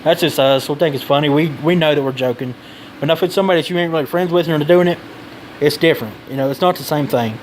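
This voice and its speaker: A man's voice: fairly high pitch, quick pace, a little hiss or hum, low-quality recording. A man giving blunt advice in a casual vlog, rambling and swearing freely.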